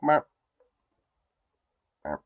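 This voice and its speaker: A man streaming casually, cooing affectionate baby talk to his pet cat. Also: drawn-out words.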